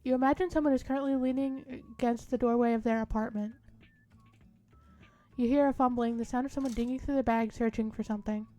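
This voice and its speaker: Higher-voiced woman reading game narration. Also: steady tone, brisk, mellow. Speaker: co-host reading a visual novel aloud. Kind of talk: reading game text aloud in a casual let's-play.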